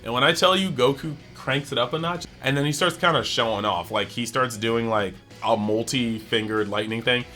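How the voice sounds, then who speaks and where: A man's voice: mid-range voice, faint music behind. Chatty man breaking down an episode. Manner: animated, acts out characters' lines in quick bits; chatty, heavy use of "like". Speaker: anime review channel host.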